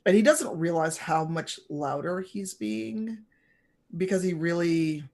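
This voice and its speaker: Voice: mid-range voice, unhurried, vocal fry, a little mellow. A game master narrating a tabletop game in a rambling way, full of fillers and restarts.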